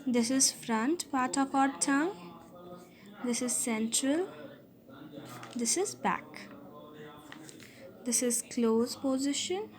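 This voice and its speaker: Slow, high-voiced woman teaching. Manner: slow, repeats key words, checks with "okay?". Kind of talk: explaining phonetics at a board.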